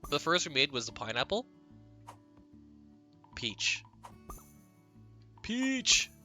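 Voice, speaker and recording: A man's voice: mid-range voice, expressive, a little slow, pushed and bright, soft background music. A man streaming a video game, chatting playfully with his viewers and giggling at his own jokes. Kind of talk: casual live-stream chat while gaming.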